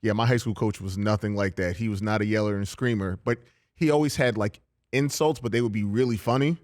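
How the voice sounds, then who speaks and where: A man's voice: on the low side, a little fast, darkish tone. A man co-hosting a sports talk radio show, telling a story in an amused, easygoing way.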